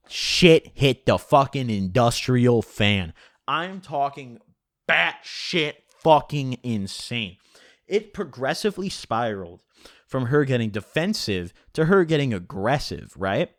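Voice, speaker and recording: Brief: man, casual storytime vlogger, lively up-and-down delivery, profane and chatty, dry close sound. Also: mid-range voice, no echo. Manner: animated, heavy swearing and filler "like".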